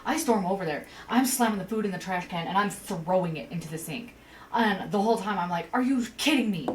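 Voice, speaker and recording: A woman co-hosting a podcast, telling a work story in casual chat, swearing freely and jumping up in pitch when she quotes herself. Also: a little fast, recorded from a distance, slight background noise, low-quality recording. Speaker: podcast co-host.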